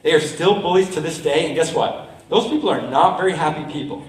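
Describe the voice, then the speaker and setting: A man's voice: fairly high pitch, a little fast. A middle-aged man performing a school assembly show, upbeat and quizzing the young crowd. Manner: upbeat, quizzes the crowd, acts out quoted lines. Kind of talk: talking to a school audience. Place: school hall. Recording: echoey hall, from far off.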